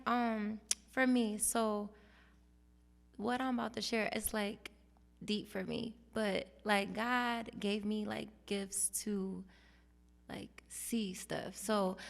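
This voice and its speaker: A woman hosting a casual interview, telling a personal story with animated, acted-out quotes. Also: medium pitch, slow, gravelly, long reverb tail. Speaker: host.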